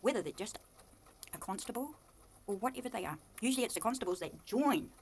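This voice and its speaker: This vlogger, a woman with a New Zealand accent, speaks to camera in a fiery, accusing monologue with lively intonation and a fast pace. She drops to low mutters, then erupts into loud, heated outbursts. There is slight background noise.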